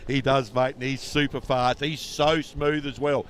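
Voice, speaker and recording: A man, a former racer, giving chatty, excitable co-commentary on kart racing. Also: mid-range voice, unhurried, slight background noise. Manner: excitable, chatty, says mate a lot. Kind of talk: live motorsport commentary.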